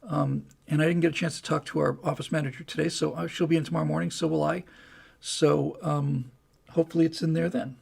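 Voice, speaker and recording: A man's voice: on the high side, little pitch movement, a little fast, gravelly, a little mellow, breathy edge. An older man hosting a live stream, chatting casually and reading comments in a rambling, folksy way. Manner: rambling, folksy, restarts and asides.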